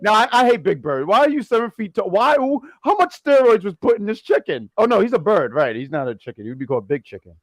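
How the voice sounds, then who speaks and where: A man's voice: high voice, very animated, fast, few pauses, no echo, clean studio sound. A man co-hosting a wrestling review show, joking and rambling in casual chat.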